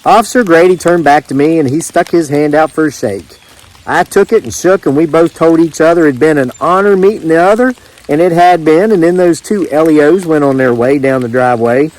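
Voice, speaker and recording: Man, folksy joking drawl, slightly higher voice, reading a yarn outdoors. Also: fairly quick, a little mellow, low-quality recording. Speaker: homesteading channel host. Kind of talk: reading a story aloud. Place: outdoors in the rain.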